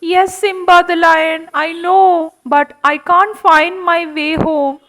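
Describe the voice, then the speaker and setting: A woman's voice: very high-pitched, fairly even intonation, a bit bright, heavily acted, low-quality recording. A woman voicing a small lost boy monkey in a childlike, earnest voice for a puppet show. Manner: childlike, slow and plaintive.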